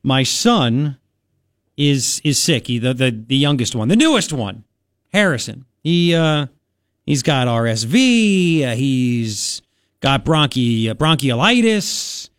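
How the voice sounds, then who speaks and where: A man's voice: mid-range voice, big pitch swings, slow, dry recording, studio quality. A man hosting a talk radio show, chatting and rambling in a casual monologue with lots of restarts.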